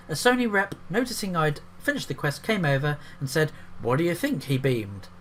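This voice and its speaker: A man's voice: fairly high pitch, lively intonation, moderate pace, few pauses, a little hiss or hum. A man reading an article aloud and breaking off into sarcastic, profane commentary. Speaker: YouTube commentator.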